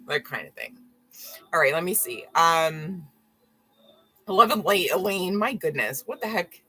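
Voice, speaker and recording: Woman tarot reader, live stream, low pitch, forceful bright tone, rambling and blunt with swearing. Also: expressive, measured pace, long pauses, husky, rough recording. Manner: rambling and frank, swears, apologizes often.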